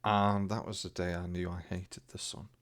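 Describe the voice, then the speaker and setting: A man's voice: deep voice, flat delivery, moderate pace. A young man co-hosting a podcast, telling rambling, self-mocking stories in casual chat. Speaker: podcast co-host.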